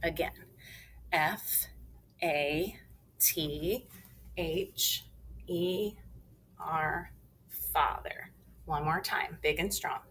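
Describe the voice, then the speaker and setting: A woman teacher leading a phonics lesson for children, enunciating clearly and spelling words out letter by letter. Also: low voice, extremely slow, long pauses, a bit bright, slight background noise, poor audio.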